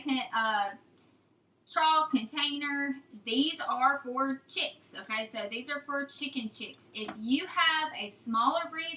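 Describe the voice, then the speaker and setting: A young homesteading vlogger with a drawl gives a casual, hands-on how-to, calling her viewers "y'all" and "guys" in a chatty, folksy manner. Her voice is high and bright, and the room is noticeably echoey with slight background noise.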